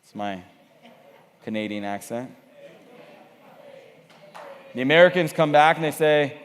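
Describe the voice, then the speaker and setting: A man preaching at a youth camp, energetic and conversational, often repeating himself. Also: on the high side, measured pace, pauses often. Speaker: camp speaker. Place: camp meeting hall. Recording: echoey hall.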